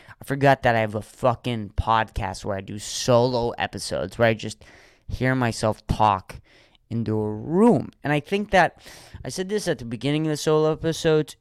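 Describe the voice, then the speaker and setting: A man and comedian, from Erie, Pennsylvania, talking alone on his podcast in a rambling, animated way, swearing freely. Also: medium pitch, clean tone, no echo. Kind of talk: solo podcast monologue.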